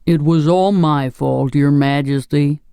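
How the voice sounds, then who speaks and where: A man voicing a simple pumpkin-headed wooden man in an audiobook, speaking slowly and a bit loudly. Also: on the high side, steady tone, gravelly, smooth, no echo, studio quality. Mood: earnest. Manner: slow, loud and plodding. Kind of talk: audiobook character voice.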